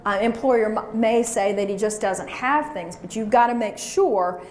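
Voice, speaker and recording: A fairly high-voiced woman leads a workshop before a live audience. She coaches with energy and gets the room to chant back. The sound is echoey, with a faint hum behind her. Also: moderate pace. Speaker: speaker leading a workshop.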